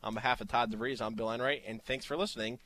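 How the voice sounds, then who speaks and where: A man's voice: medium pitch, steady tone, fast talker, bright, forceful tone. A man co-hosting a fantasy football radio show, chatting in an easygoing way and giving advice. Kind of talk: casual sports radio talk.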